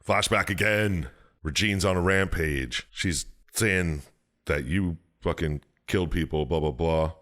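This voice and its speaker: A man with a very low voice talks through a story in loose, rambling podcast chat. He swears freely and now and then jumps into squeaky, exaggerated voices for the characters. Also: a little slow, fairly bright tone. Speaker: podcast co-host. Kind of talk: casual chat, recapping a game plot.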